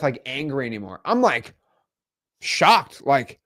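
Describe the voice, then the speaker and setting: A man with a slightly high voice coaching on camera in a loose, conversational way. His pitch swings widely as he talks, and he keeps checking in with okay and right. The sound is dry and close. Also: measured pace, no room sound. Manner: animated, tag questions like okay and right. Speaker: real estate wholesaling coach. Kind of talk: casual teaching to camera.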